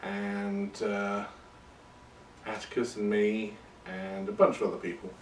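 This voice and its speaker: A man hosts his podcast in a loose, rambling monologue, poking fun at himself as he goes. His voice sits on the low side. The sound is roomy, as if he is some way off the mic, with a faint hiss behind. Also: steady tone, measured pace, far from the mic. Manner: rambling and self-deprecating. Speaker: podcast host. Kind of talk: casual monologue.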